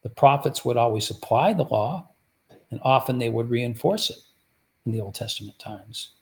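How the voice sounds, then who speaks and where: A man's voice: mid-range voice, animated, normal speed. A man preaching a sermon, teaching through rhetorical questions he puts to his listeners. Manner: rhetorical, repeatedly asks the audience "guess what".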